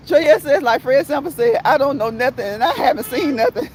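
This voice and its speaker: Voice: high voice, expressive, fairly quick, few pauses, a crowd in the background. A live-stream host chatting casually while walking outdoors, slangy and laughing often. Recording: outdoor traffic noise.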